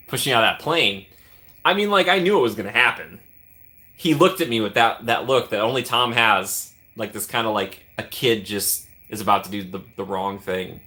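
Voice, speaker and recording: A man's voice: lowish voice, normal speed, bright, forceful tone. A man hosting a casual livestream, rambling and chatty, laughing often and thanking viewers by name. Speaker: livestream host.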